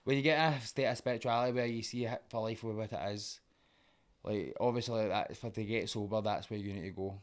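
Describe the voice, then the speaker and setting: A man's voice: on the low side, fairly even intonation, fast talker, smooth. A young man with a Glaswegian accent, a guest in a casual podcast conversation, rambling and swearing as he talks. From Scotland.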